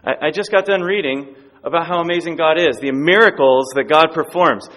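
A man voicing an excitable young male student who shouts his praise loudly. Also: fairly high pitch, fairly quick, long reverb tail, natural voice, rough recording. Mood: earnest. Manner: loud, exuberant, breathless shouting.

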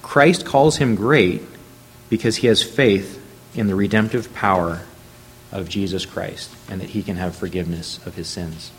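Male preacher, lowish voice, measured storytelling sermon with scripture readings, faint rumble behind.

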